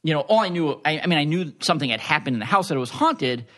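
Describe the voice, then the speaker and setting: A man's voice: on the high side, animated, fast talker, sharp tone. A man with a Long Island accent, co-hosting a podcast, easygoing and self-deprecating, often restarting his sentences. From Long Island, New York. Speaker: podcast co-host, resident historian. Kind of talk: casual podcast chat.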